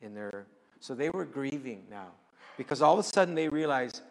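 A man's voice: mid-range voice, lively intonation, normal speed, creaky. Man preaching in a reverberant hall. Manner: conversational with dramatic swings in loudness. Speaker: pastor. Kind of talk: sermon.

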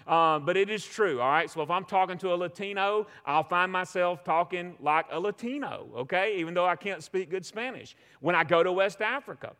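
A middle-aged Southern preacher with a fairly high voice that carries a long reverb through the sanctuary. He drives his points home with repetition and drops in asides like "amen?" and "all right?" to pull the congregation along. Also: brisk, few pauses, pushed and bright, clean tone. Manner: preaching with emphatic repetition and call-and-response asides. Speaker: pastor. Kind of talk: sermon. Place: church stage.

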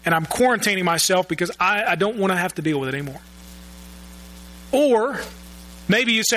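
Man, pastor, sermon in church, earnest, repeats words, high-pitched. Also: animated, fairly quick, long pauses, bright, forceful tone, low-quality recording. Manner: earnest, repeats words while searching for phrasing. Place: church sanctuary.

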